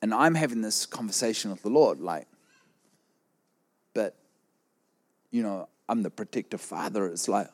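A middle-aged man preaching a sermon, telling a personal story with lively acted-out voices. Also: lowish voice, moderate pace, long pauses. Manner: animated storytelling, acts out quoted voices.

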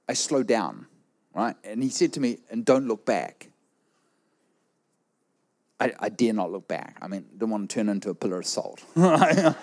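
A middle-aged man preaching a sermon, telling a personal story with lively acted-out voices. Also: medium pitch. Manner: animated storytelling, acts out quoted voices.

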